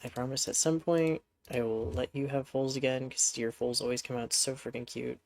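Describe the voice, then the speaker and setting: A man's voice: medium pitch, steady tone, normal speed, creaky, darkish tone. A man streaming a horse game, talking casually to his horses in a rambling, chatty way, with a congested voice. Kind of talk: casual gameplay commentary.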